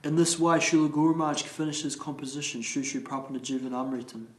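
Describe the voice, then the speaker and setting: A man leading a morning class, reading scripture aloud slowly and carefully and explaining it, restarting some verse words. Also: a little high, fairly even intonation. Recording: roomy echo.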